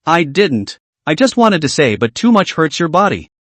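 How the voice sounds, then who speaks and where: A man reading the lines of an earnest, naive teenage girl in a comic recap, in an even voice. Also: fairly high pitch, normal speed, no room sound.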